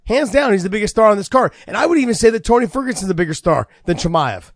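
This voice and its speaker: A man and former fighter co-hosting a casual podcast, excited and talking fast, acting out quoted lines. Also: high-pitched, no room sound, clean studio sound.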